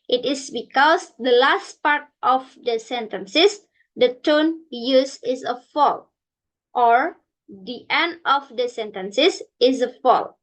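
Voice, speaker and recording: A young woman from Indonesia, a student giving a recorded class presentation and explaining carefully, with many halts and restarts. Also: high-pitched. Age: young adult.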